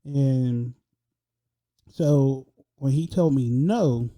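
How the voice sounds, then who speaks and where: A young man telling a personal story in an animated, slangy way, often laughing. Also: mid-range voice, extremely slow.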